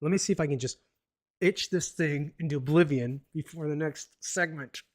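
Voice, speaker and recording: A man with a fairly high voice hosts a casual live podcast, reading news stories aloud and veering into sarcastic, rambling asides. He talks at normal speed, and the sound is close and dry with no room or echo around it.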